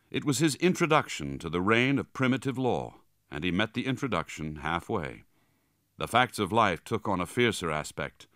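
A man reading a story aloud in a lower register, his delivery dramatic and vivid with a wide, lively swing of pitch. His tone is bright and forceful in a close, dry recording. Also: no echo. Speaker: audiobook narrator. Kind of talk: scripted narration.

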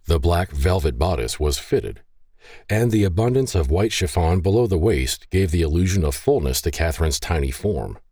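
A man narrating a novel in a very deep voice. His delivery swings widely in pitch and stays expressive. The sound is close and dry, with no room. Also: moderate pace, husky, dry recording. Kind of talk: scripted audiobook narration.

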